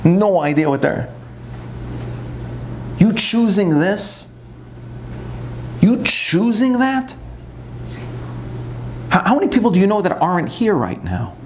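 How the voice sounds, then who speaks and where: A man, a rabbi, giving an animated, conversational sermon to a live audience. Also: high voice, takes it slowly, long pauses, a little hiss or hum. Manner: animated, conversational preaching with acted-out asides.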